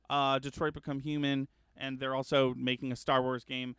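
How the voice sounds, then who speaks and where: A man hosting a casual gaming news chat, rambling with lots of ums and uhs and correcting himself, getting excited about upcoming games. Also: mid-range voice, normal speed, few pauses, smooth, dry recording, studio quality. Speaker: gaming news show host.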